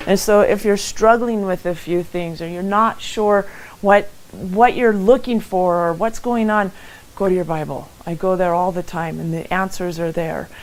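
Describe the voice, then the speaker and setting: A middle-aged woman giving a motivational talk from her own home and telling stories with lively acted quotes. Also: lowish voice, normal speed, low-quality recording. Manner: animated storytelling with acted quotes. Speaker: motivational speaker hosting a live event. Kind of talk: live-streamed motivational talk.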